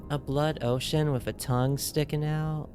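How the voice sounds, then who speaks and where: Faint game music accompanies a woman streaming a video game, who reads its text aloud while affecting a loose, inconsistent accent and playfully joking and giggling with viewers. Her low voice is mellow with a steady tone and moderate pace.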